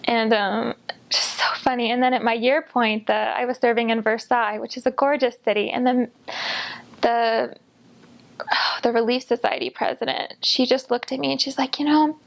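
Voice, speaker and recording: A woman's voice: fairly high pitch, flat delivery, normal speed, vocal fry. A young woman, a returned missionary, telling stories in an upbeat, self-deprecating way and laughing easily. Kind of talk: casual storytelling.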